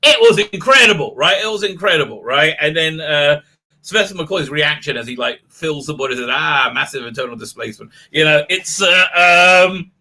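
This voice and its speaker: A man's voice: a little high, expressive, moderate pace, sharp tone. A man giving a casual, sarcastic episode recap and review, ranting animatedly and laughing often. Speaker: video reviewer.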